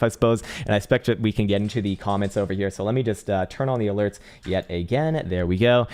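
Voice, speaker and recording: A young man with a fairly low voice runs a live crypto trading stream. He talks chart analysis in a loose, animated way, swearing freely and laughing often as he goes. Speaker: crypto trading livestream host. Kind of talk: casual live market analysis.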